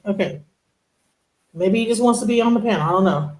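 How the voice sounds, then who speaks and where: A woman's voice: medium pitch, a little fast, a little mellow. Woman hosting a livestream in an echoey room. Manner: conversational, with many fillers. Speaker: livestream panel host.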